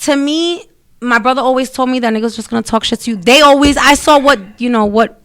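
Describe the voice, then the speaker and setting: A woman's voice: high voice, brisk, clean tone. A young woman co-hosting a casual talk show, telling stories with lots of swearing and acting out the people she quotes. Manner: animated storytelling, acts out quoted voices, swears freely. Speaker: podcast co-host. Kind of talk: casual chat.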